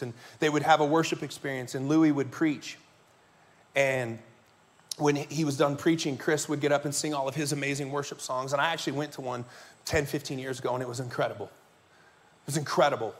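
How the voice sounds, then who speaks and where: A man preaching a sermon as pastor to his congregation, telling stories in a conversational way and asking the listeners questions. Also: medium pitch. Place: church sanctuary before a congregation.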